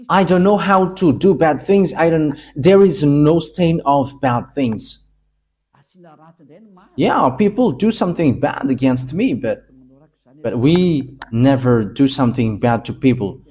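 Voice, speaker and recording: Male preacher, emphatic sermon delivery, mellow dark tone. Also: medium pitch. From Madagascar. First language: Malagasy.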